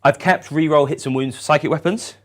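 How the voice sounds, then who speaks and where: A man playing a tabletop wargame on a stream, explaining his rules in a relaxed, casual way with dry quips. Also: fairly high pitch, brisk. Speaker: tabletop game player.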